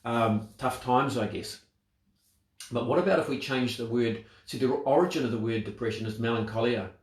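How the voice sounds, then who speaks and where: A man's voice: medium pitch, moderate pace, echoey room. A man giving a motivational talk on self-talk, reflective and full of rhetorical questions. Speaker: speaker on mental wellbeing.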